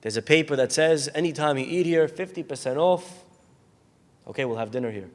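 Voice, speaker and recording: A rabbi preaching to his listeners in a lecture hall, with long reverb trailing after each phrase. His voice sits fairly high for a man. He tells his story animatedly, acting out each of its characters. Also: a little fast. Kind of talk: sermon with storytelling.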